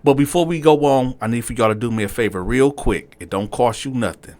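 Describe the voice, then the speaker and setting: A man telling a story to his viewers in a casual, animated and profane way, with frequent asides to the audience. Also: medium pitch, a little fast. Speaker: storyteller, channel host.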